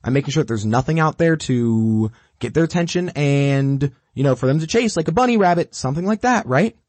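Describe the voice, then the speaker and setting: With a slightly high voice and a fairly quick pace, a man walks listeners through dog training step by step, lively, blunt, and repetitive, even speaking for the dog. The recording has no echo.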